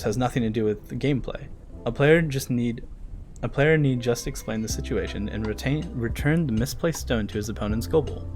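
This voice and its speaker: A man casually reading and translating a manga live, chatting, joking and swearing along the way. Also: mid-range voice.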